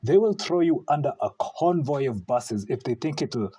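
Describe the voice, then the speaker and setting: A man's voice: mid-range voice, animated, normal speed, warm tone, slightly rough. A man hosting a reaction video, talking bluntly and profanely with exasperation between clips. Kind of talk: casual reaction commentary.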